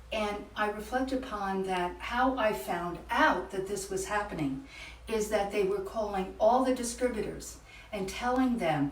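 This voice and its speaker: A woman around seventy, an author and motivational speaker, telling a reflective faith-based story with many pauses. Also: mid-range voice, slight background noise. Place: event room. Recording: echoey room, far from the mic.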